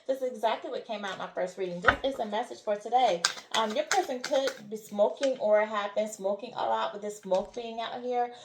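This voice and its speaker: A woman's voice: fairly high pitch, a little fast, hardly any pauses, roomy sound, heavy background noise. A woman giving a spiritual tarot reading who keeps checking in with "all right?" and "okay?". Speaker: tarot reader.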